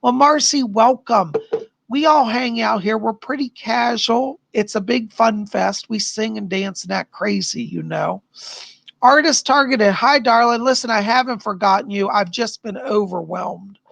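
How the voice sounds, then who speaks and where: A tired middle-aged man with a raspy, worn voice, chatting upbeat with viewers as a psychic livestream host. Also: high voice, a little slow, fairly bright tone, no room sound. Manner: chatty, upbeat, answers chat questions. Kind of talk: casual live-stream chat.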